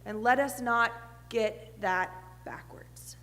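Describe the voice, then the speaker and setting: A woman pastor preaching a sermon in a church. She speaks earnestly, asks rhetorical questions and at times drops to a hushed voice. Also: fairly high pitch, takes it slowly. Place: church sanctuary. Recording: long reverb of a church hall.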